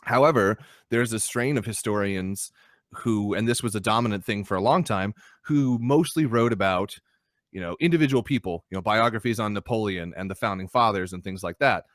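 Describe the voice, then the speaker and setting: A young adult man co-hosting a podcast, talking in casual chat with animated, profane ranting. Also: lowish voice, fairly quick, no room sound, clean studio sound. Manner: animated, swearing, ranting critique. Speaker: podcast co-host. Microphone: podcast microphone.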